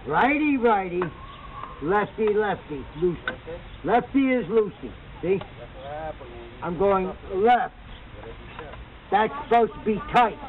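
A man's voice: high-pitched, lively intonation, takes it slowly, long pauses. A man, rambling and swearing as he explains how he fixes a bike pedal, in unscripted documentary footage. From Massachusetts, USA. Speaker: documentary subject. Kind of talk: unscripted talk while fixing a bike pedal. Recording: harsh phone-like camera audio with loud background noise.

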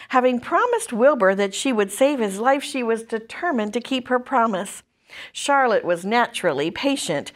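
Expressive woman reading aloud to kids. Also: on the high side. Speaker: children's ministry storyteller. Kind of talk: reading a chapter book aloud to children.

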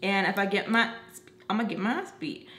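A woman's voice: medium pitch, a little fast, fairly bright tone. A young woman vlogger telling a casual story, frank and profane, with lots of fillers. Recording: roomy echo.

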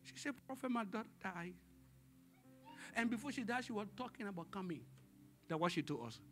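A man preaching a sermon as pastor in a church service, dramatic, swinging from hushed tones to shouting and calling on the congregation for responses. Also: sits high, expressive, a little fast, soft background music.

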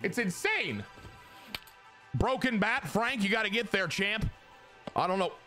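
A young man giving excitable live commentary on his own baseball video game, jumping from loud hype to muttered grumbles. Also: high voice, measured pace, soft background music. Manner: excitable, swings from hyped shouting to muttered grumbling. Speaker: gaming YouTuber.

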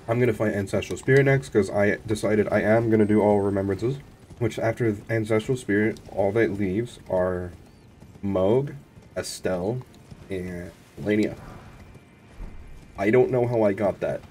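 A man streaming a video game, commenting in an excitable, profane way to himself and his chat. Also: on the low side, measured pace, a little hiss or hum.

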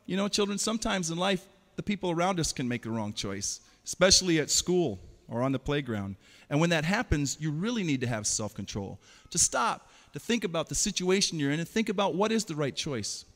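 A man performing an interactive stage show for children, playfully calling out quick commands and teasing his audience. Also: on the high side. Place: large hall. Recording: long hall reverb.

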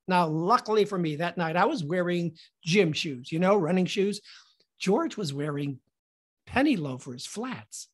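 A middle-aged man hosting a podcast, telling a funny personal story in a theatrical, animated way. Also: on the high side, a little slow, slightly rough. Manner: animated, theatrical, acts out scenes.

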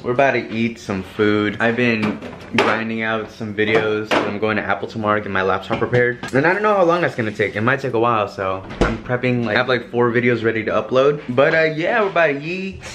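A young man giving a relaxed, slangy vlog update to his camera before a meal. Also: mid-range voice, fast talker, noisy background. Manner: laid-back, relaxed slangy talk. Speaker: vlogger dad. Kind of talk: casual vlog.

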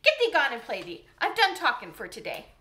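A woman voicing a gruff, cross old male gardener who talks loudly and bluntly in country speech. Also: high-pitched, very animated, normal speed, exaggerated voice. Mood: angry. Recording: roomy echo.

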